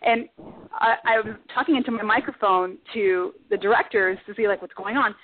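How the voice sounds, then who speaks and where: A woman guest on a radio talk show, telling a story in a lively, casual way and acting out shouted quotes. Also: mid-range voice, moderate pace. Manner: animated, acts out shouted quotes. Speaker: guest, former cooking show contestant. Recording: tinny phone line, faint hiss.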